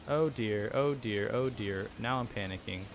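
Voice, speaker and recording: A man's voice: fairly low pitch, normal speed, over music. A man giving casual let's-play commentary, rambling with lots of ums and flustered chatter. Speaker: gameplay commentator.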